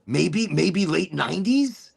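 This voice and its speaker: Gravelly, husky middle-aged man rambling. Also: high-pitched, animated, slow pace. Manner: rambling, laughing, swearing freely. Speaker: podcast host. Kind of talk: casual chat.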